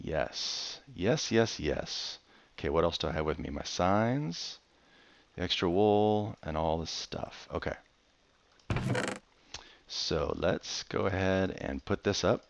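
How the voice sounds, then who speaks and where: Deep, lively man rambling over gameplay. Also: unhurried, gravelly, pauses often, dry recording. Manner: chatty, rambling storyteller with playful outbursts. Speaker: Minecraft let's player. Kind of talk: casual gameplay commentary. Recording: dull, slightly lo-fi dry recording.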